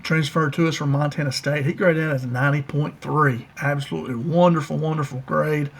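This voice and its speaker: A man's voice: fairly high pitch, fairly even intonation, brisk, vocal fry. A man giving a folksy, enthusiastic casual breakdown of his college football team's players, speaking directly to his viewers. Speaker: college football fan commentator.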